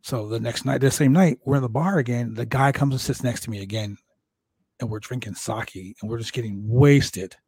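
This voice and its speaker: A man hosting a podcast, swearing freely as he spins his stories in a loose, casual way. His voice sits at an ordinary middle pitch. The room adds almost no echo, so he sounds close and dry. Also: normal speed, husky. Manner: profane, animated storyteller. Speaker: podcast host. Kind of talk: casual interview chat.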